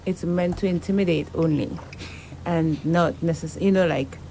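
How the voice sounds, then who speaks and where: A woman's voice: lowish voice, fairly even intonation, moderate pace, mellow, slight background noise. A woman co-hosting a talk radio show, chiming in with short agreeing remarks. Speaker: radio co-host. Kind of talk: casual talk radio chat.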